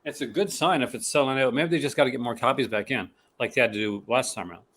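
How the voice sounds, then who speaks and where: A man's voice: mid-range voice, fast talker, fairly bright tone, slight background noise. A sleepy man chatting casually as co-host of a livestream and greeting viewers by name. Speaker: co-host of a film collecting livestream. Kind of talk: casual live chat.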